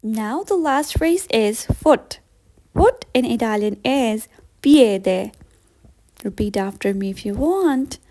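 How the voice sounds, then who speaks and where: A woman teaching a beginner vocabulary lesson, saying each word slowly and carefully and repeating it with patient encouragement. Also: fairly high pitch, expressive, dark tone. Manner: slow, careful repetition of words. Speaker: language teacher.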